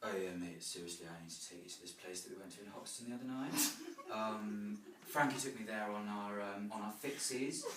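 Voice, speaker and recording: A man's voice: fairly low pitch, fairly quick, noisy background, close to an everyday voice. A man playing a smug, laid-back hipster who drawls and mumbles with many ums, in a stage comedy. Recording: roomy sound from a distant mic.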